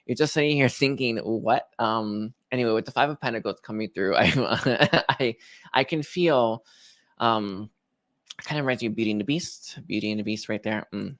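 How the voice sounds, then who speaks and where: A man giving a casual tarot reading, rambling and hesitant, with many restarts and soft laughs. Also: on the low side, normal speed, no room sound, clean studio sound. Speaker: tarot reader.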